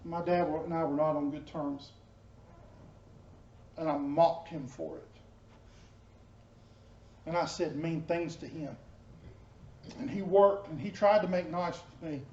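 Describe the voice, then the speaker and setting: A man giving a personal testimony as a pastor, telling his story earnestly and dropping soft and low in tender moments. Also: fairly even intonation, a little slow, long pauses. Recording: echoey, dull room sound.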